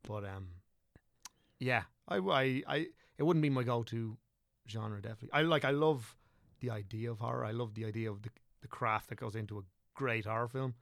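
Brief: young Irish man, podcast guest, gravelly voice, dry close mic, loose rambling talker. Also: mid-range voice, brisk, fairly bright tone, no room sound. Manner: rambling, self-correcting, chatty. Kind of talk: casual podcast chat.

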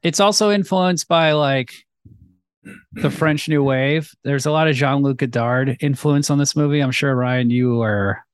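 A young man talks through a film in a loose podcast chat, rambling and piling on fillers and references. His voice sits at an ordinary pitch. The sound is close and dry, with no room around it. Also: unhurried, smooth, dry recording. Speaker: podcast co-host. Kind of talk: casual movie review chat.

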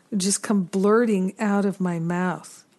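A middle-aged woman hosting a reflective spiritual teaching talk, earnest and unhurried, with gentle self-deprecating asides. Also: medium pitch, steady tone. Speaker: spiritual teacher and podcast host.

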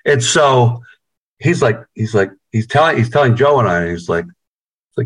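A laid-back man from the United States talks over a video call with a mid-range voice. He swears freely and tells his stories with animated energy, in a casual interview chat. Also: medium pitch, normal speed, low-quality recording. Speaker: band member.

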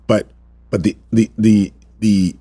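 Speaking slowly in a fairly low, mellow, husky voice with fairly even intonation, a man teaches a Bible study as an informal sermon. He repeats words to stress them and adds jokes and asides for his viewers; no echo is present.

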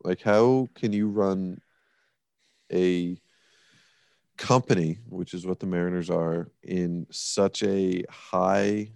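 A man's voice: low voice, steady tone, slow, gravelly, darkish tone, no room sound. A man co-hosting a casual sports podcast, talking bluntly and emphatically, with swearing and dry sarcasm. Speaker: podcast co-host.

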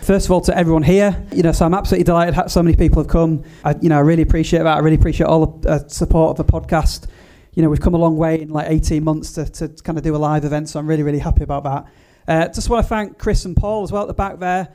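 Quick, mellow-voiced male podcast host. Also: a little high, steady tone. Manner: chatty, with frequent fillers and restarts. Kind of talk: hosting a live event. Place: live event before an audience.

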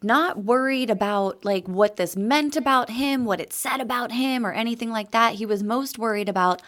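A woman in her thirties with a West Coast American accent co-hosting a podcast, blunt and quick to laugh as she chats. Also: on the high side, a bit bright. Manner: blunt, laughs often, swears casually. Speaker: podcast co-host. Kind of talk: casual chat.

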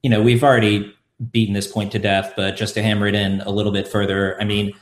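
A man on a sports podcast, laying out his argument in a measured, step-by-step way. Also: lowish voice, level tone. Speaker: podcast panelist. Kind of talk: casual sports podcast chat. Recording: roomy echo on the mic.

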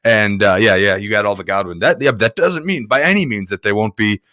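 A man's voice: lowish voice, brisk, bright, forceful tone, dry recording, clean studio sound. A man co-hosting a sports betting podcast, talking casually and rambling with lots of fillers. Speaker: podcast co-host.

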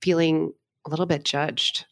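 A woman with a very low, gravelly voice asks earnest questions in an interview. Her voice sounds dry and close, with no room echo. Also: steady tone, moderate pace. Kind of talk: conversational questions.

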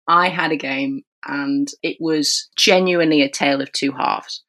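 Lively woman telling a referee story. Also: low voice, normal speed. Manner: animated storyteller acting out dialogue. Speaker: rugby referee. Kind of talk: podcast anecdote.

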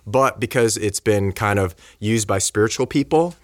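A man telling a story in casual conversation, animated and acting out the voices of the people in it. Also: fairly low pitch, moderate pace, no room sound, clean studio sound. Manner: animated, acts out quoted voices. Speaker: guest speaker.

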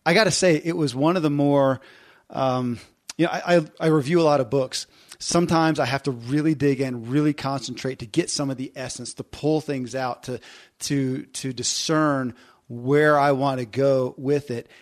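Host: a man with a mid-range voice, reflective and halting in casual interview talk. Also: mid-range voice, steady tone. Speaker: podcast host.

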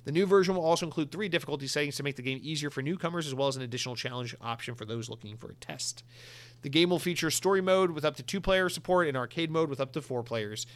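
A man's voice: a little high, quick pace. Chatty, joking male podcast host. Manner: chatty, joking, animated asides. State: out of breath. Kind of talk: solo gaming news podcast.

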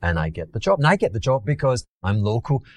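A man's voice: medium pitch, very animated, fast talker, a little mellow, no room sound. A Glaswegian man from Scotland, an investor guest telling stories in a casual interview, rambling with many repeats and restarts.

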